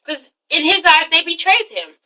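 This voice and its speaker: Young woman gushing about a tv episode, high bright voice, a bit far from the mic. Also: normal speed. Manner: animated, giggly, slips into dramatic character voices. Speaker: TV episode reviewer. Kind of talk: excited casual recap with acted-out quotes.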